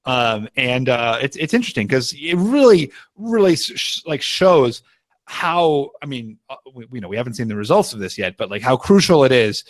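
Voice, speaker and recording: A man co-hosting a live aftershow. He thinks aloud, with lots of fillers and restarts, and his voice sits at a middle pitch. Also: sing-song, moderate pace. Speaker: co-host.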